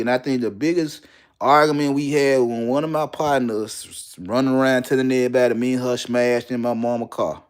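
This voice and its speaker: A man's voice: medium pitch, fairly even intonation, brisk, clean tone. Blunt, profane man telling his story. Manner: profane, blunt, repeats lines for emphasis. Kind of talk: candid personal storytelling.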